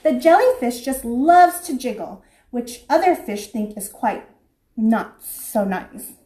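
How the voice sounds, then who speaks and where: A young woman reads a picture book to small children in a lively, sing-song manner. Her voice sits high, and the room around her rings with echo. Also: slow pace. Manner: animated, sing-song, voices creatures in the story. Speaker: preschool teacher. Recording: echoey room.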